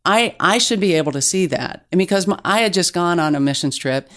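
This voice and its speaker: A middle-aged woman journalist, a guest in an interview, telling stories in a lively casual way with restarts. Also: lowish voice, brisk. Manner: animated storytelling with restarts.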